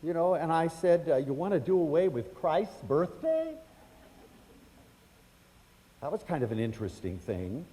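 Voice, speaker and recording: Animated older man telling stories. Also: on the high side, measured pace, pauses often. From United States. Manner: animated, acts out quoted voices, chatty fillers. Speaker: speaker telling personal stories. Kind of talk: storytelling lecture to an audience. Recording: hall reverb.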